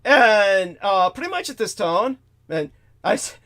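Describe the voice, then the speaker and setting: A talk show host with a high, sing-song, slightly bright voice tells a story at a measured pace. His profane, exasperated rant swings between mutters and outbursts.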